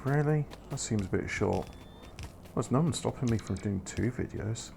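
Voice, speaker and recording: Man, casual gameplay commentary, rambling, wry, gravelly, mellow tone. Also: mid-range voice, expressive, normal speed, slight background noise. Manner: rambling, self-correcting, wry asides. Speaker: gamer playing a factory game. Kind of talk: casual let's-play commentary.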